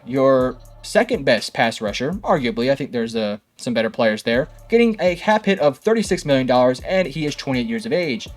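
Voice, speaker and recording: A young man hosting a sports analysis video, talking in a sarcastic, heated way and firing rhetorical questions at fans. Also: medium pitch. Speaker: sports commentary host. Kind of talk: opinionated sports analysis monologue.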